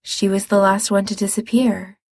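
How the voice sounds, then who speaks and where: A woman's voice: medium pitch, flat delivery, normal speed, darkish tone, no echo, natural voice. A woman voicing an uneasy young man who speaks hesitantly and cautiously in a read-aloud story.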